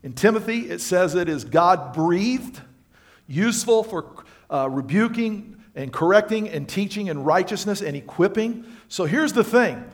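A male pastor preaching a sermon to his congregation, swinging between loud emphatic lines and quiet, low asides. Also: lively intonation, unhurried. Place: church sanctuary.

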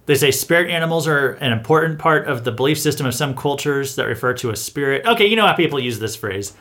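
A man's voice: medium pitch, lively intonation, fast talker, a bit bright. A man hosting an opinion commentary show, reading out a list with sarcastic, incredulous asides and chuckles.

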